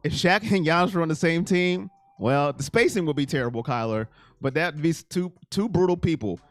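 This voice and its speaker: Reading viewer comments on his casual live sports stream, this man rants with excitement, sometimes shouting and then dropping into a mumble. He talks fairly quickly in a fairly high voice, with no echo.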